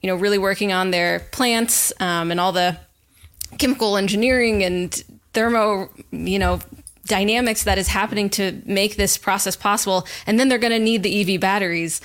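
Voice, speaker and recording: A woman's voice: mid-range voice, fairly even intonation, normal speed, fairly bright tone. A woman from the US Southeast, speaking as an upbeat, enthusiastic podcast guest in casual chat.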